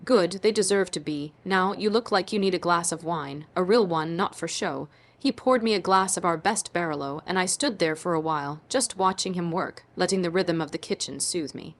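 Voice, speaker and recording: Female storyteller, lowish voice, measured dramatic first-person narration. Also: slight background noise.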